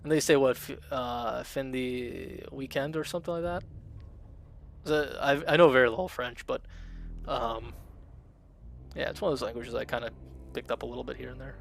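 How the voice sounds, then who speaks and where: A man from a Russian-speaking family who immigrated to America chats casually during a live game stream. His medium-pitched, creaky voice moves at a moderate pace with frequent pauses as he rambles, uses lots of fillers and reads chat aloud. There's slight background noise.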